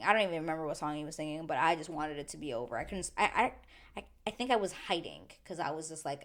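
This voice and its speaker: A young woman hosting a casual reality TV recap, chatty and animated, full of "like" and quick asides. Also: on the low side. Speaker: recap show host.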